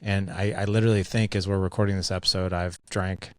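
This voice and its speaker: A man's voice: low-pitched, quick pace, no echo. A man hosting a podcast interview, joking and chatty with plenty of fillers. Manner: jokey, energetic, many fillers. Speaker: podcast host. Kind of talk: casual interview chat.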